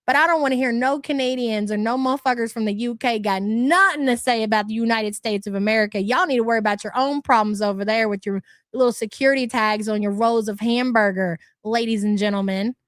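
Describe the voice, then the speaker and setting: A woman with a fairly high voice rants bluntly at her livestream chat, swearing freely and laughing often. She sounds dry and close to the microphone, as if at home. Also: a bit bright, no room sound. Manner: blunt, profane, exasperated ranting. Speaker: livestream host reading chat. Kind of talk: casual livestream rant.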